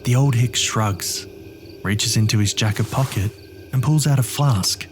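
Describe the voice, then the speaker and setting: A man's voice: medium pitch, a little slow, over music. A man narrating a horror story in the first person with a gritty, streetwise delivery.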